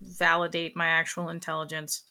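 Bright-voiced young woman, ranting. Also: low voice, moderate pace. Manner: animated, exasperated ranting; careful, clear diction. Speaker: aspiring streamer. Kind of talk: casual chat.

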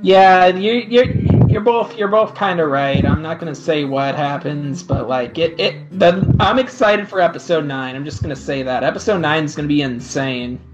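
A man's voice: on the high side, normal speed, hardly any pauses. A man co-hosting a casual podcast, hesitant and full of fillers. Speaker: podcast co-host. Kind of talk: casual chat. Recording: dull lo-fi recording with faint music.

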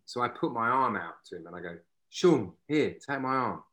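A man with a fairly low voice tells a showbiz story in a casual interview. He talks freely, swears without pause and acts out the moments as he goes. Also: lively intonation, a bit bright. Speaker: actor and podcast guest. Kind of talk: casual anecdote telling.

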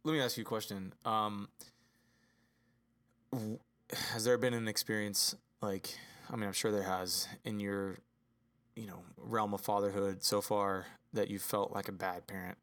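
A man speaks as a father in a relaxed podcast conversation, earnest and easygoing. His voice sits on the low side, and he fills his sentences with casual asides. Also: measured pace. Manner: earnest, relaxed, says "you know" a lot. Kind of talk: casual chat.

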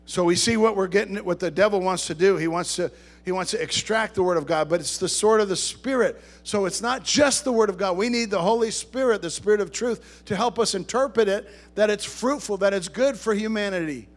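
A man's voice: sits high, brisk. A man preaching a sermon to a congregation, talking conversationally, joking with the listeners, and rising to emphatic bursts. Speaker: pastor.

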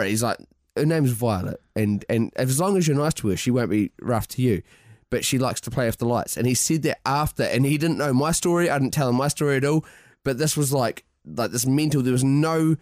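A man excitedly telling a sweary ghost story as a podcast guest. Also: mid-range voice, no echo, studio quality. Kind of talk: casual storytelling.

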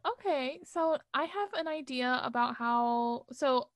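A young woman in her twenties co-hosting a casual podcast, relaxed and quick to laugh. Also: high voice, no room sound, studio quality. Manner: laughs often, drawn-out, relaxed delivery. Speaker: podcast co-host, music student.

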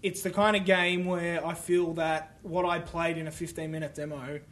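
A man with a notably high voice talks through a casual game podcast. He is animated and opinionated, restarting sentences as he goes. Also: moderate pace. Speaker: podcast co-host back from a games trade show. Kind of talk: casual chat.

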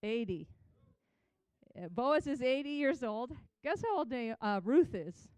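A woman's voice: on the high side, sing-song, a little slow, darkish tone, smooth, dry recording. Chatty woman teaching the Bible. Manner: chatty, laughs often, retells scripture conversationally.

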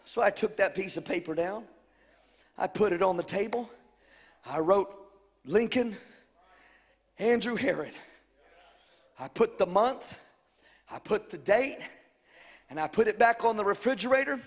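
A missionary man preaches with fierce fervor, his high voice gravelly and husky. He swings from quiet testimony to shouted declarations. The sound rings with the long reverb of a church sanctuary. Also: expressive, measured pace, long pauses. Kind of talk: revival sermon with personal testimony.

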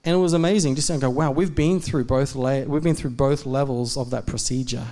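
Animated man preaching a sermon. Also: mid-range voice, fairly quick. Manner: animated, acts out quoted dialogue. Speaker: guest preacher. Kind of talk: live sermon storytelling. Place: church service.

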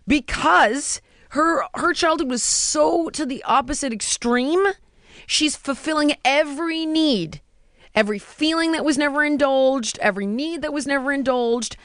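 A woman's voice: sits high, a little slow, a bit bright, no room sound, clean studio sound. A woman, telling stories in a casual chat and mimicking the voices of other people.

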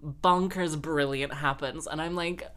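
A woman's voice: low-pitched, fairly even intonation, measured pace, a bit bright. A woman host rambling through a comic, self-mocking monologue, slightly tipsy and full of fillers. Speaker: podcast host and musician. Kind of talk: casual comedic monologue.

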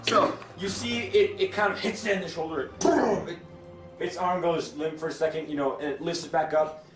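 A young man runs a tabletop game in a halting, casual way, stumbling over restarts and fillers. His voice sits a little high and comes from some distance in an echoey room, with faint music underneath. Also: steady tone, fairly bright tone. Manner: hesitant, full of restarts and fillers. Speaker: game master. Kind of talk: narrating a tabletop game among friends.

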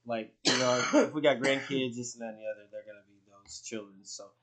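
A man's voice: mid-range voice, steady tone, fairly quick, a bit bright. A middle-aged man hosting a spiritual podcast in loose, rambling casual chat, swearing freely. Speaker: podcast host.

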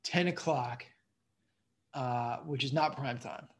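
A man's voice: medium pitch, slow. A man who is a comedian, a guest on a casual interview, telling rambling stories and often asking "you know what I mean".

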